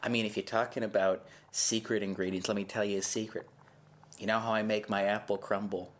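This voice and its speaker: A man's voice: lowish voice, lightly acted. Comedy improv: a man playing a doting, gossipy middle-aged witch woman with a Massachusetts accent. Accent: Massachusetts, put on. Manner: gossipy, doting, calls everyone honey. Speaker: podcast co-host doing improv. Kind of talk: comedy improv role-play.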